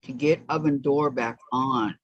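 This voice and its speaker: A woman's voice: rumbling low, fairly even intonation, a little slow, husky, dry recording. A woman hosting a casual craft livestream, reading viewers' chat comments aloud and answering them. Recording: dull lo-fi stream audio.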